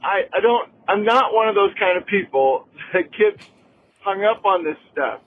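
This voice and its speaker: A man's voice: sits high, animated, moderate pace. A man leaving an apologetic, hesitant voicemail for a podcast. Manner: apologetic, hesitant, self-deprecating. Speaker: voicemail caller. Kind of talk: recorded voicemail message. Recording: tinny phone line with faint noise.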